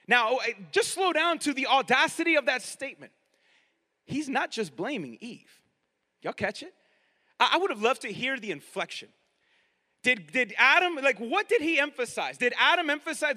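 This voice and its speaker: A man preaching a sermon in a lively, conversational way, often turning to ask his listeners questions. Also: very high voice, normal speed, long reverb tail. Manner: animated, conversational, asks the audience directly.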